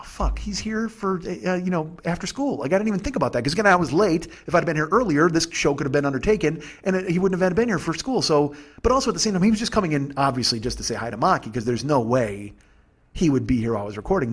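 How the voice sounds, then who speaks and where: A man in his forties hosting a comedy podcast, telling a rambling, profane, exasperated story in a husky voice. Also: fairly high pitch, expressive, fast talker. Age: 40s. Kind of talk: storytelling monologue.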